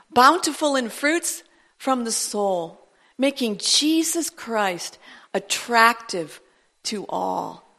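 A woman preaching a sermon in a church service, animated and building to emphatic declarations. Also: fairly high pitch.

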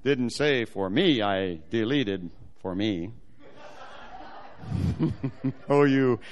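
A man telling a personal testimony as a sermon, animated and acting out the voices of the people in his story. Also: on the low side, very slow, muffled recording.

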